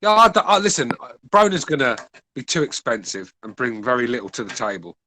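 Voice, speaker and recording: A man's voice: mid-range voice, big pitch swings, a little fast, pushed and bright, a little hiss or hum, poor audio. A man from England co-hosting a casual boxing podcast over a call line, blunt and swearing freely. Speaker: podcast co-host. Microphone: remote call line.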